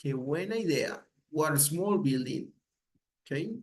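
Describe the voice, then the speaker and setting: Slow, repetitive male teacher. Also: fairly high pitch, animated, rough recording. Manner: slow, repeats each example several times, switches between English and Spanish. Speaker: English teacher. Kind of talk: bilingual grammar lesson.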